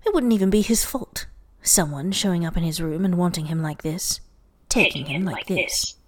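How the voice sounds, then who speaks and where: A woman's voice: on the low side, moderate pace, a little hiss or hum. A tipsy woman reading fan fiction aloud, giggling and breaking off into mock-dramatic asides. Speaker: reader.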